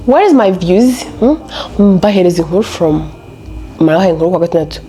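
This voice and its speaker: A young woman telling a story to camera in a casual vlog, animated and laughing often as she switches between Kinyarwanda and English. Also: mid-range voice, brisk, long pauses. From Rwanda. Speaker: storytelling vlogger.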